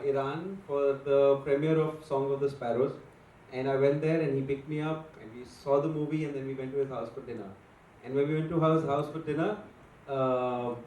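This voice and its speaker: Male director, slightly high, hesitant storyteller, distant echoey hall with faint noise. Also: darkish tone. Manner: unhurried, with frequent hesitations. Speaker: film director at a press event. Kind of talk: anecdotal storytelling on stage. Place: event stage with an audience. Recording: echoey event hall, from far off.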